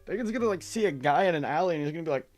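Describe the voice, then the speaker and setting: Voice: medium pitch, expressive, racing, a little mellow, soft background music. A live streamer in casual chat, ranting and teasing with exasperation and swearing.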